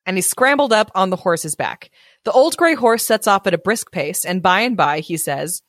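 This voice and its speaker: A woman co-hosting a podcast, reading a fairy tale aloud and chatting about it in an animated way, laughing often. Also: medium pitch, moderate pace, no room sound, clean studio sound. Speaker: podcast co-host and story reader. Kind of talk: casual chat and storybook reading.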